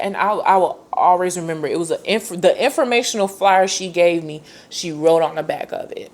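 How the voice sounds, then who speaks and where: A young woman in her twenties tells a personal story as a podcast host, with a voice that sits low for a woman. She talks in a chatty, slangy way and leaps way up in pitch whenever she acts out what someone said. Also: fairly quick, hardly any pauses. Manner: animated, acts out quoted dialogue with sharp pitch jumps.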